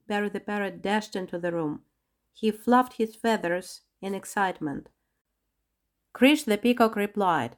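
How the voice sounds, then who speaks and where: A woman's voice: medium pitch, a little slow. A woman narrating a children's storybook and reading every character's lines herself. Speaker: storybook reader.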